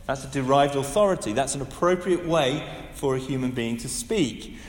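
A man in his fifties preaching a sermon, conversational and animated, with asides and rhetorical questions. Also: mid-range voice, normal speed. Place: large church hall. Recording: echoey hall with long reverb.

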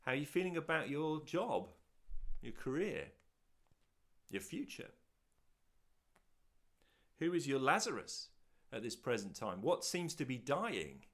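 Guy preaching a sermon, voice swoops up and down a lot, big rhetorical questions then goes quiet. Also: medium pitch, measured pace, pauses often. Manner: expressive, rhetorical questions, dramatic swells and hushed drops.

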